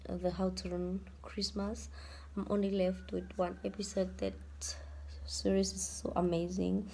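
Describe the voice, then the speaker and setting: A young woman vlogging from her bedroom, tired and emotional, talking softly and sometimes dropping to a whisper. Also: mid-range voice, gravelly, slightly rough. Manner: tired, emotional, soft-spoken, drifting to a whisper. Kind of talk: casual vlog talk to camera. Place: bedroom at home.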